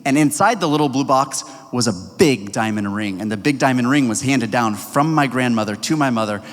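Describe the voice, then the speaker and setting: A young man giving a storytelling youth sermon, energetic and leading the room in call-and-response. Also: medium pitch, brisk. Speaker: youth pastor. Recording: long reverberant hall.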